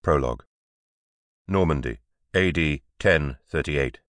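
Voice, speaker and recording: A man narrating an unabridged audiobook in a measured, clear storytelling manner. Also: a bass voice, a bit bright, no echo. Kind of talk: scripted narration.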